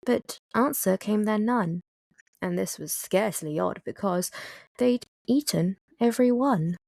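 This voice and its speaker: A woman reading nonsense poetry aloud in a measured, rhythmic manner. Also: mid-range voice, vocal fry, a little mellow, dry recording. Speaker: poetry reader.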